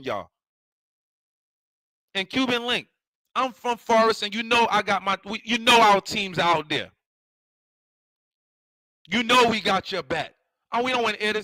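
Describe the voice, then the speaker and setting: A man's voice: sits high, sharp tone, dry recording, low-quality recording. A man hosting a livestream, ranting confrontationally and repeating himself. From New York City. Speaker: online show host. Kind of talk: heated livestream rant.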